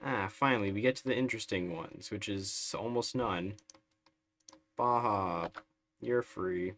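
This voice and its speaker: A man's voice: on the low side, a little slow, fairly bright tone. A man streaming a strategy game live, chatting through it in a wry, sarcastic way. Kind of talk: live gameplay commentary.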